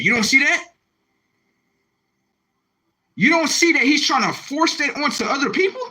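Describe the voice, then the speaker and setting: A young man on a live stream, reacting to viewer comments in a confrontational, repetitive rant with loud outbursts. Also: very high-pitched, expressive, brisk, few pauses, breathy edge, low-quality recording. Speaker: livestreamer.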